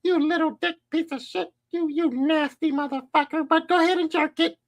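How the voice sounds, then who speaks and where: A man putting on the voice of a domineering woman who hurls insults, speaking in a mocking falsetto. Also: steady tone, a little fast.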